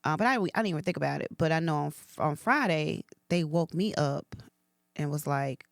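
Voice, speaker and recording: A woman co-hosting a podcast, telling a heartfelt personal story in a soft, emotional, conversational way. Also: deep voice, a little fast, creaky, dry recording, clean studio sound. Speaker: podcast co-host, hairstylist. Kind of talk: casual chat.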